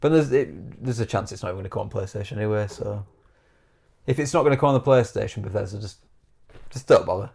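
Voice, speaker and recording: A man's voice: fairly low pitch, quick pace, creaky, a little mellow, slightly rough. A man co-hosting a podcast, chatting casually, laughing often and trailing off with fillers. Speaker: podcast co-host. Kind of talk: casual chat.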